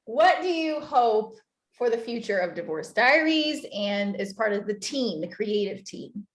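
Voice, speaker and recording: A woman hosting a casual interview, bubbly and quick to laugh. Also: on the high side, animated, echoey room. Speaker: host.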